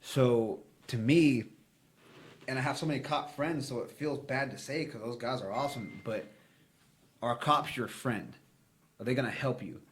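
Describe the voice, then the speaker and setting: A man's voice: medium pitch, normal speed. A man from the United States on a podcast, giving blunt, rambling opinions with a lot of swearing. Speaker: podcast co-host. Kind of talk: casual podcast discussion.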